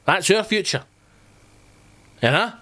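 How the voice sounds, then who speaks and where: Scottish guy on his podcast, swearing and rambling, slightly high voice. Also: lively intonation, slow, pushed and bright. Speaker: podcast host. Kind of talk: comedic podcast rant.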